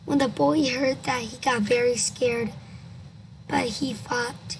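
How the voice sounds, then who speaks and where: Slow, halting reader of a scary story; a woman with a high voice, noisy home recording. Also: fairly even intonation, vocal fry. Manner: halting reading with restarts and stumbles. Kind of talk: reading a scary story aloud.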